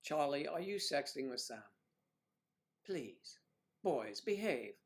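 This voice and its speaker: A man's voice: a little high, big pitch swings, slow. Chatty, teasing man hosting a livestream. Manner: chatty, teasing, jokey asides. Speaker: livestream host. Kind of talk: casual chat reading viewer comments.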